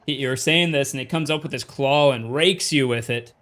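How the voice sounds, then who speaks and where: A man from Canada narrating a tabletop game as dungeon master, halting with fillers. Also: medium pitch, a bit bright. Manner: slow, halting narration with many fillers and laughs.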